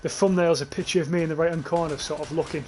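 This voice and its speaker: A man's voice: on the high side, steady tone, fast talker, a little mellow, a little hiss or hum. A young man streaming a shooter game, rambling and swearing as he reads chat aloud and laughs at it. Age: young adult. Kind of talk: casual livestream commentary while playing.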